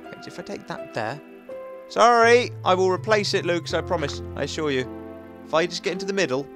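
A man hosting a video game let's play, chatting and rambling to himself and his viewers, switching between loud bursts and soft muttering. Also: sits high, fast, soft background music.

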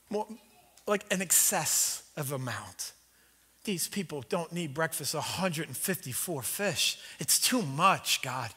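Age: adult. Sex: man. Role: pastor. Style: animated, joking sermon. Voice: high and bright. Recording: long reverb in a church sanctuary. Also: husky. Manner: animated, conversational storytelling with jokes.

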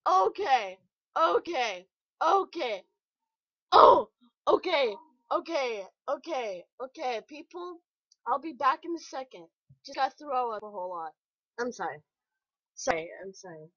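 A woman hosting a reaction video, talking in an excitable, apologetic way and exclaiming often. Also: high-pitched, a little slow, long pauses, slightly rough, no echo. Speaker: video host. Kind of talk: reaction commentary. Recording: dull lo-fi home recording.

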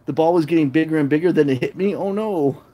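A livestream host chatting casually, reading viewer comments aloud and answering them, and sometimes cooing at kittens in a high baby-talk voice. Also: quick pace, warm tone. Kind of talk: casual live chat with viewers.

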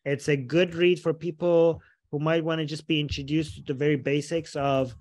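Animated man, higher voice. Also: moderate pace. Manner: animated, restarts often, laughs while talking. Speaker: guest. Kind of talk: video-call interview.

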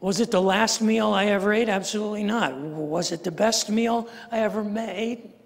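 A man's voice: high voice, steady tone, normal speed, creaky. Older male pastor in a reverberant hall. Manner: conversational, self-deprecating, frequent restarts. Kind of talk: storytelling sermon. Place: large church sanctuary.

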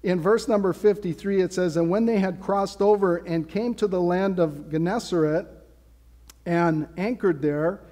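A man's voice: high-pitched, normal speed, mellow. A man preaching a sermon as pastor, in a casual, conversational way with playful asides. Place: church sanctuary. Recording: long hall reverb.

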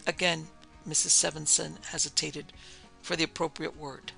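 A man reading a classic ghost story in a measured, formal storytelling manner. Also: on the high side, level tone, gravelly, pushed and bright, soft background music. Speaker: narrator and producer.

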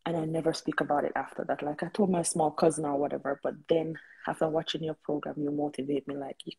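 Woman caller, hesitant and filler-heavy, very husky, gravelly. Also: low voice, flat delivery, fast talker, a little mellow, poor audio. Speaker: caller on a live stream. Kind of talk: personal testimony.

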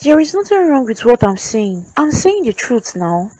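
A woman's voice: fairly high pitch, sing-song, moderate pace, warm tone, in a large hall, low-quality recording. A woman voicing a stubborn mother who speaks bluntly and scornfully in a cartoon drama. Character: stubborn mother, tight with money.

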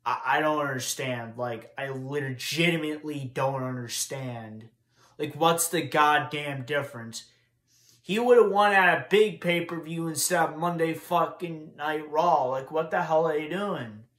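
A man's voice: fairly high pitch, unhurried, fairly bright tone. A young man giving a casual, profane, frustrated rant while recapping wrestling news. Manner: frustrated, profane, repetitive ranting. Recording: echoey room.

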